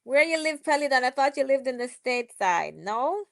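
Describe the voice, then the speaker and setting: A woman's voice: sits high, big pitch swings, normal speed, creaky. A woman hosting a casual live stream, chatting with viewers, reading their comments aloud and cheering them on. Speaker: livestream host.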